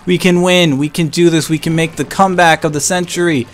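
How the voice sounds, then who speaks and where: Excitable young man ranting over gameplay. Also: a little high, a little fast, slight background noise. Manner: excitable, swings between hype and frustrated ranting. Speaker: gaming channel host. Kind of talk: live gameplay commentary.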